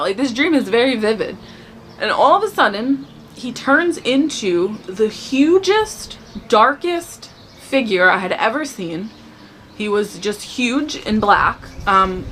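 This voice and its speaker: A woman sharing a personal faith testimony in casual storytelling, animated and acting out the dialogue as she tells it. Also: medium pitch, slight background noise. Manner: animated, acts out dialogue in the telling.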